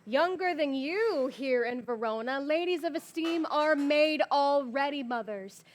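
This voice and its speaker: A woman's voice: high-pitched, lively intonation, unhurried, slight background noise. A woman playing a formal, commanding noble mother in an outdoor Shakespeare performance. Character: stately noble mother, brisk and proper. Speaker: stage actor. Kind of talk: outdoor Shakespeare stage acting.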